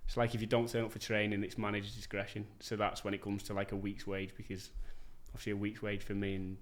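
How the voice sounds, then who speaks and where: A man's voice: lowish voice, monotone, fast talker. A man, telling stories as a podcast guest in a laid-back, sweary way. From England. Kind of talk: casual chat.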